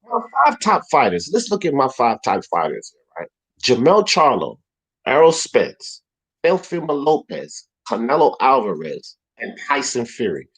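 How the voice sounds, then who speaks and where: A man hosting a boxing talk livestream, animated and heated, swearing freely and rising to shouts. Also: medium pitch, a little slow, breathy edge, poor audio.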